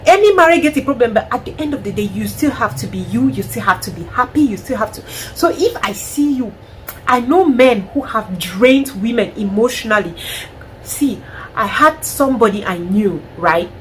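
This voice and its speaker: A Cameroonian woman vlogger giving frank, animated advice with a Cameroonian accent in a casual monologue. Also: mid-range voice, moderate pace, a little hiss or hum, poor audio. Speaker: lifestyle vlogger.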